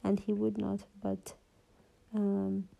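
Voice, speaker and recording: A woman in a whispered Bible reading and teaching, halting and often losing her place and rereading verses. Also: medium pitch, completely flat delivery, gravelly, dark tone, low-quality recording.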